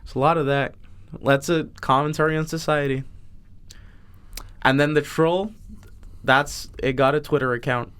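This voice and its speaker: A man co-hosting a podcast, slowly spinning an improvised silly story with playful laughs. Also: a little high, fairly even intonation, fairly bright tone, smooth. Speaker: podcast co-host.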